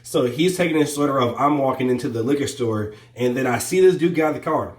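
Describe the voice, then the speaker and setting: A man casually telling a story, animated and full of fillers and restarts. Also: mid-range voice, quick pace, echoey room, recorded from a distance, rough recording. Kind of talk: casual story time chat.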